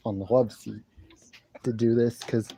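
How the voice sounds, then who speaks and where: A man casually reviewing a wrestling show from his love seat at home, rambling and repeating himself while he clears a congested throat. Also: mid-range voice, fairly even intonation, unhurried, warm tone, a little hiss or hum. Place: living room at home, seated on a love seat. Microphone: camera in front of him.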